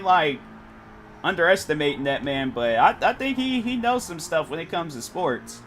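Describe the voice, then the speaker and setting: A man's voice: fairly high pitch, big pitch swings, normal speed, fairly bright tone, slight background noise. A young man streaming a racing game, chatting casually in rambling, laid-back slang. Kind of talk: casual chat while gaming.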